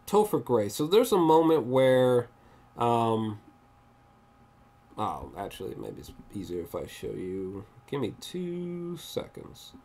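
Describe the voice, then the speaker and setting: Excitable, swearing movie reviewer. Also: medium pitch, slow. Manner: animated and excitable, swears often; rambling, with frequent restarts and fillers. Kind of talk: casual spoiler movie review vlog.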